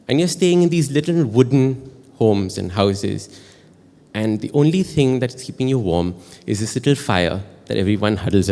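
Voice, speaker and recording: A man with an Indian English accent telling a personal story at a live storytelling show, chatty and animated, often asking the audience questions. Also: mid-range voice, long reverb tail. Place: stage in a performance hall.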